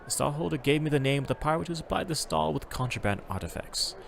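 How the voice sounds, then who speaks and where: A man streaming a travel game, reading its text aloud and chatting casually, in an animated, self-correcting way. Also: fairly high pitch, quick pace, vocal fry, a little hiss or hum.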